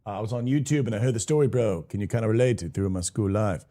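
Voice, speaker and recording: A man's voice: fairly low pitch, fast talker, warm tone. A young man live-streaming a game, chatting casually, greeting viewers by name and swearing now and then in a hyped-up way.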